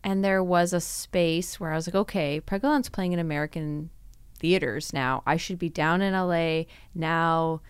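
A woman with a lowish, smooth, resonant voice recounts her experiences in a relaxed interview. She tells her story with energy and slips into quoted dialogue as she goes. The sound is close and dry, with no room around it. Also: moderate pace, no room sound. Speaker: podcast guest, actress and screenwriter. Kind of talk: casual interview conversation.

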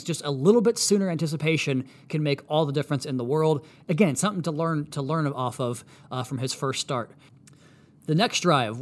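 A man hosting a podcast, giving a brisk, animated breakdown of game film. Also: a little high. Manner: brisk, animated play-by-play analysis. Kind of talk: analytical film breakdown commentary.

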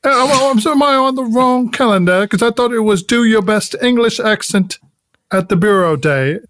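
A man's voice: sits high, normal speed, a bit bright, dry recording, studio quality. A man playing a flustered, sheepish FBI agent in an improv comedy scene. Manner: rambling, sheepish.

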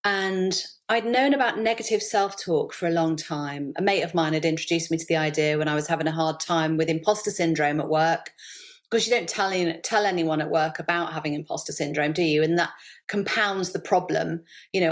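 A woman talking as a podcast guest in a chatty, animated storytelling way. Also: low voice, brisk. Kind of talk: casual interview chat.

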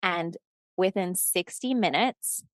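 A woman's voice: lowish voice, slow pace, no room sound, clean studio sound. A woman guest telling a personal story in casual conversation, acting out the dialogue, swearing and laughing as she goes. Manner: animated storyteller who acts out quoted dialogue. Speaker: podcast guest.

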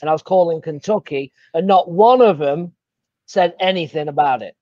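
A man's voice: fairly high pitch, moderate pace, darkish tone, no room sound, highs cut off. A man with an English accent, co-hosting a real estate livestream in a casual, agreeable way. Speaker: co-host coach. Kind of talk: livestream chat.

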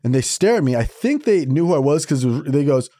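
A man's voice: on the high side, sing-song, fast talker, warm tone, no room sound, clean studio sound. A man co-hosting a podcast, chatting casually and telling stories. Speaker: podcast co-host.

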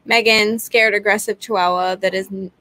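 A woman co-hosting a live stream, reading viewer questions aloud in a plain, even way. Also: medium pitch, moderate pace, no echo.

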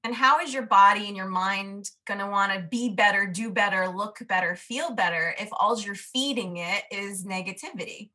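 A woman talks as a podcast guest in an easy, storytelling flow. Her voice is bright and clear-edged, earnest and lively, with plenty of casual "like" and "you know". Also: medium pitch, moderate pace, few pauses.

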